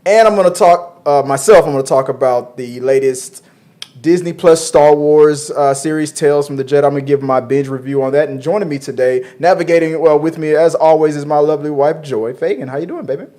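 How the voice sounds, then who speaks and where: رجل بصوت دافئ يقدّم برنامجاً. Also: male voice, on the high side, a little fast, warm tone. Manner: loose, joking, restarts often. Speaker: podcast host. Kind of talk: casual show chat.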